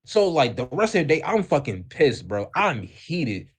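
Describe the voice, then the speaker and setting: A young man co-hosting a podcast, telling a story in a casual, animated way, acting out the people in it with lots of slang and swearing. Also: fairly high pitch, normal speed, slightly rough. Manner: animated, acts out quoted voices, heavy profanity and slang. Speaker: podcast co-host.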